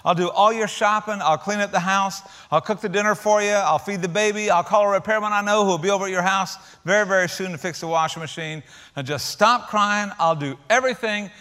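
A man playing a kind older woman on the phone in a joke, gentle and reassuring. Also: sits high, a little fast. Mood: soothing.

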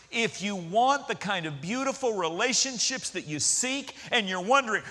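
A woman pastor preaches in a church, animated and full of laughter as she acts out voices in her stories. Her voice sits high and swings widely, with a very bright, forceful tone. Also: moderate pace, slight background noise. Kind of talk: sermon with storytelling. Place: church before a congregation.

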